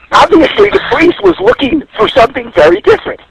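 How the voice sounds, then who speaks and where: A man's voice: very high-pitched, big pitch swings, normal speed, vocal fry, a little hiss or hum, rough recording. A man giving a radio interview as a guest, telling stories in a reflective way. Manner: storytelling, reflective.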